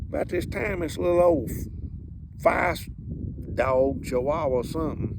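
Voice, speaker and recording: A man's voice: medium pitch, background noise. A man telling a comic story in a folksy drawl, full of colorful rural sayings. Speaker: comedic storyteller.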